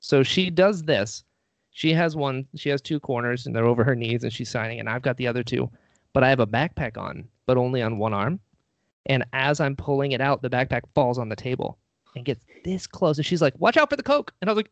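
A man's voice: medium pitch, brisk, no echo. A man telling a story in casual chat, animatedly acting out what people said.

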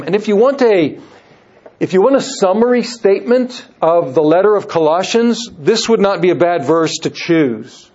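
Male Bible teacher, high pitch, measured and repetitive delivery, muffled recording. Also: lively intonation, darkish tone. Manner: measured, repeats words and restarts phrases. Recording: dull lo-fi recording.

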